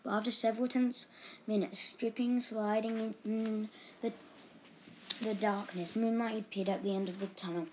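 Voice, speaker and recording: A woman reading a children's book aloud in a steady, expressive storytelling manner. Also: mid-range voice, moderate pace, background noise. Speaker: reader.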